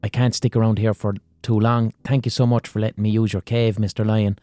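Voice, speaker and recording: A man voicing a hurried, grateful male runaway slave in a retold fable. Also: fairly low pitch, level tone, warm tone, no echo, studio quality, faint music behind, close to an everyday voice. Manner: hasty, swearing.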